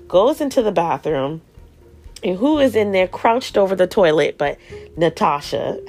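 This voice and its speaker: A woman hosting a casual recap show, animated and sassy, acting out characters' lines in playful voices. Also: on the low side. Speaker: podcast host recapping a TV show. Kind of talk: casual chat.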